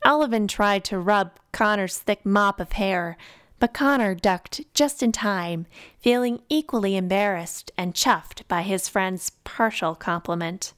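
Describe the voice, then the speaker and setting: Slow, measured woman narrator. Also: mid-range voice, a bit bright, clean tone, dry recording, studio quality. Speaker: audiobook narrator. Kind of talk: scripted narration.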